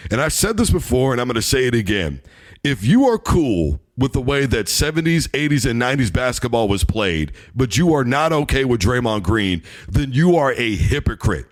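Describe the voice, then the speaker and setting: A man's voice: mid-range voice, very animated, moderate pace. Fired-up male sports talk host. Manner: heated, emphatic, preachy. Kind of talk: opinionated sports commentary monologue.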